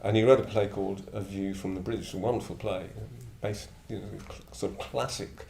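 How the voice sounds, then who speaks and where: A man's voice: fairly low pitch, fairly even intonation, brisk, creaky, darkish tone, slight background noise. A man in his seventies from northern England, a Buddhist order member telling blunt, rambling anecdotes with a chuckle. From Middlesbrough, northern England. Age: 70s. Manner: blunt, digressive, chuckling storyteller. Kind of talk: reflective anecdotal talk. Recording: echoey room with faint ambience.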